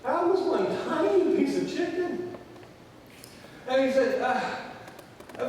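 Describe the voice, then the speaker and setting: A male pastor preaching a sermon, telling stories and acting out the people in them, dropping quiet for key points. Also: extremely high pitch, expressive, takes it slowly, pauses often, slight background noise. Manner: acts out quoted voices, drops to quiet for key points. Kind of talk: sermon with storytelling. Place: large church sanctuary. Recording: echoey church hall from far off.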